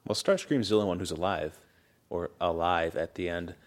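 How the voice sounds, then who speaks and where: A man's voice: low voice, steady tone, normal speed. A man co-hosting a podcast in casual chat, explaining things with a knowing, sardonic edge. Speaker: podcast co-host.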